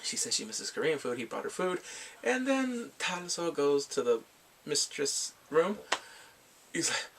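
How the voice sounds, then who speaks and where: A man casually retelling a film's plot as a movie reviewer, animated, laughing often and acting out quotes in squeaky voices. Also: unhurried, creaky, recorded from a distance, a little hiss or hum.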